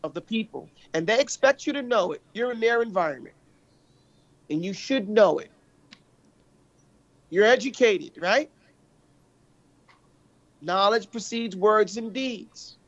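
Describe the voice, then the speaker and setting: A man's voice: high-pitched, lively intonation, unhurried, pauses often. A man teaching a lesson on a classical text, telling stories and often checking that his listeners follow. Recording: muffled lo-fi recording.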